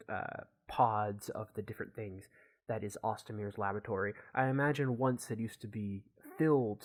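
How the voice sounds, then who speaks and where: A man narrating as game master, describing scenes in a halting way with many fillers. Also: lowish voice. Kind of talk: improvised tabletop narration.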